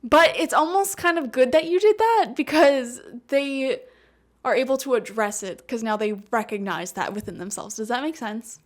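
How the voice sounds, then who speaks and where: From a home room with a cat, a woman gives her viewers a casual tarot reading, chatty and laughing often, saying "like" and "you know" a lot. Her voice sits high and is animated, at normal speed.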